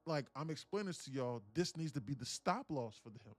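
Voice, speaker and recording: A man live-streaming his day trading, telling a story in an animated, profane, rambling way with frequent restarts. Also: mid-range voice, brisk, faint music behind.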